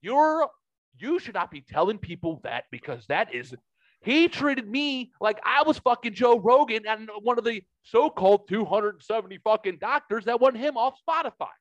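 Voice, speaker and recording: A man's voice: very high voice, animated, normal speed, no echo, muffled recording. A man telling a story in a casual podcast chat, profane and heated.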